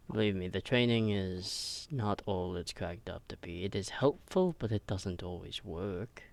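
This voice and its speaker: A man voicing a calm male mentor who patiently probes and challenges a younger officer. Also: low voice, slow pace, creaky, a little hiss or hum, full character voice. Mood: coaxing. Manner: patient, probing, gently challenging. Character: calm male mentor, a past host addressed as sir.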